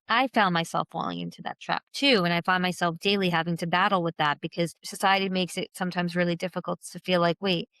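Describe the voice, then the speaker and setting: A woman's voice: fairly low pitch, vocal fry, a bit bright, dry recording. A woman hosting a podcast interview, talking in an open, chatty, rambling way. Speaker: podcast host.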